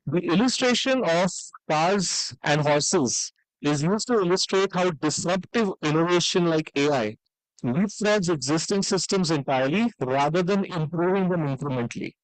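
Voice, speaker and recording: A man's voice: fairly high pitch, animated, normal speed, no echo, rough recording. A man giving a conference keynote, conversational, with frequent "right?" tags and "uh" fillers. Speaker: conference speaker. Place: conference hall.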